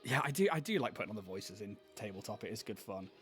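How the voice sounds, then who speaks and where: A man's voice: fairly low pitch, lively intonation, fast talker, fairly bright tone, faint music behind. A man co-hosting, chatting casually and rambling with enthusiasm while painting miniatures. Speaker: co-host.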